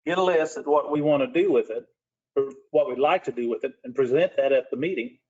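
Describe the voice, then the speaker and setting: A man's voice: mid-range voice, fairly quick, darkish tone, slightly rough. A man, a city commissioner, speaking plainly in a public meeting in a city hall commission room. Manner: plainspoken, makes a formal motion. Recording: muffled lo-fi meeting recording.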